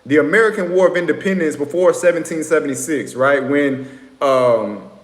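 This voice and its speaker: Rambling man in an echoey room. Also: fairly high pitch. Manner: rambling, lecturing, fills pauses with "right?" and "you know what I'm saying". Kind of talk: casual monologue to viewers. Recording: echoey room with long reverb.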